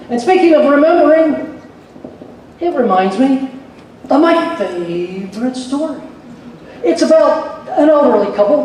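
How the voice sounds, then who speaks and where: A man emceeing on a convention stage, telling jokes and introducing speakers in a folksy, animated way. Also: very high voice, slight background noise. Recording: echoey hall from far off.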